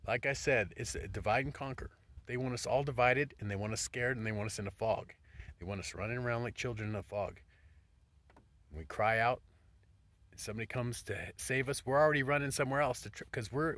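A man vlogging a casual, profane monologue, swinging between loud rants and hushed whispers. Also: medium pitch, brisk.

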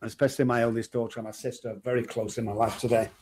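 Talking at a racing clip in a slightly rough, mid-range voice, a middle-aged man from Manchester, England, spins stories as an interview guest. The chat is casual, and he animatedly performs the voices of anyone he quotes.

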